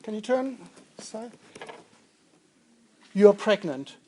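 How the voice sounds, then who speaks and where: Guy lecturing a class, slow and unhurried, cracks jokes, keeps asking the students stuff. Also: high voice, very animated, mellow, a little hiss or hum. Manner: jokey and interactive, questions the students. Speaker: university lecturer. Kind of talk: lecturing on statistics.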